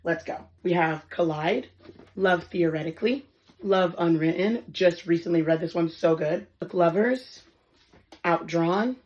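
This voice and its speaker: A woman in her twenties, a book influencer, giving quick, bubbly book recommendations to camera. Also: on the low side, a little mellow. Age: 20s. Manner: bubbly and quick, gushing over books.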